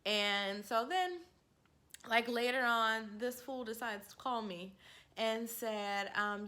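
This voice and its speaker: A woman's voice: on the high side, slow. A woman in her forties casually telling a personal story to camera, candid and laughing, acting out what people said. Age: 40s. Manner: candid, laughing, animated quoting. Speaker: vlogger.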